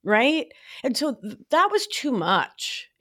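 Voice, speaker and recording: Animated, playful woman chatting. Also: takes it slowly. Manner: animated, playful, full of fillers, sudden high sing-song voices. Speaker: podcast guest, nurse practitioner. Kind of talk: casual podcast chat.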